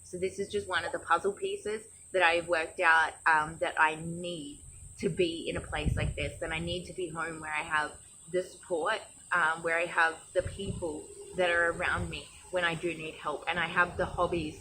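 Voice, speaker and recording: A woman's voice: fairly low pitch, little pitch movement, moderate pace, sharp tone, a little hiss or hum, poor audio. Candid Australian woman by a pool. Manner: candid, reflective, with frequent restarts and fillers. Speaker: vlogger. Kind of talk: casual personal talk to camera. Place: in a swimming pool outdoors.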